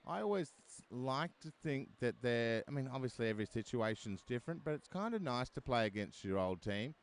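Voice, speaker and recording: A man's voice: medium pitch, expressive, brisk. Joking male derby commentator. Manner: chatty, joking asides. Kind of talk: live sports commentary.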